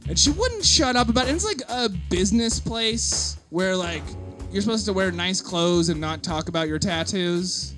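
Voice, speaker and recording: A young man telling a funny story on stage to a live audience, animated and giggly, full of likes and uhs. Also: high-pitched, moderate pace, over music.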